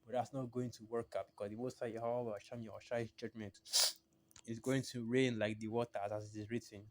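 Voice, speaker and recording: A man's voice: mid-range voice, flat delivery, brisk, a little mellow. Emphatic man preaching in a solo video. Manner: emphatic, repeats phrases, reads passages aloud with raised voice. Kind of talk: solo religious video teaching.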